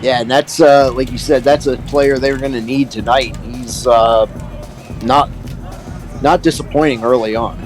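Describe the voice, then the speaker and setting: A man giving relaxed color commentary on a basketball game, with frequent filler words. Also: mid-range voice, unhurried, soft background music, poor audio.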